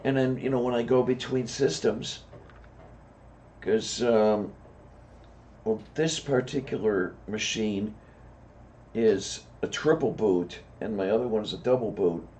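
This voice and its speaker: A man co-hosting a casual chat, relaxed and rambling, with dry asides. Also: lowish voice, a little slow, long pauses. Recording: dull lo-fi sound with faint noise.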